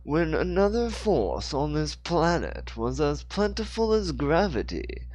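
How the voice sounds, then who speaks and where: A man voicing a pompous male mayor with a British accent, lecturing slowly in a read-aloud story. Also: fairly high pitch, wildly swooping pitch, a little mellow, no echo, pitched above the performer's own voice, exaggerated voice. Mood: grandiose.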